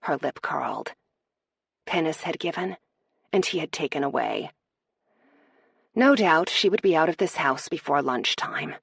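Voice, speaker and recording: A woman reading a romance audiobook aloud in a steady, measured narration. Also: low voice, creaky, slightly rough, dry recording, studio quality.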